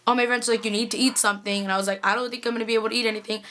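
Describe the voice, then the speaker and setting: Fast-talking excitable young-sounding woman. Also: on the high side. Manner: excitable, gushing, many "like"s. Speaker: vlogger. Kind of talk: casual storytelling to camera.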